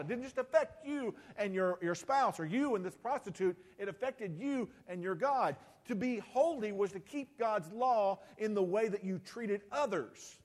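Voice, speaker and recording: A man with a high-pitched voice delivers a sermon. He speaks deliberately and repeats key phrases for emphasis, building each point step by step. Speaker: preacher.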